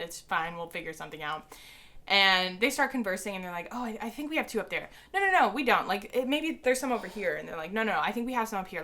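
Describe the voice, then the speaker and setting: A young woman vlogger telling a story in casual, excited rambling speech, full of fillers. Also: mid-range voice.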